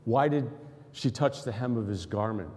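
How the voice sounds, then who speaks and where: A man's voice: medium pitch, lively intonation, normal speed, darkish tone. A man preaching a sermon as pastor, asking questions of the congregation and acting out quotes. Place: church sanctuary. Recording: long hall reverb.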